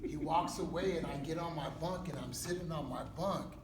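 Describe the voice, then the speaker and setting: High-voiced cali pastor acting out his story with street slang, echoey hall, mic far off. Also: normal speed, background noise. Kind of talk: dramatic personal testimony skit.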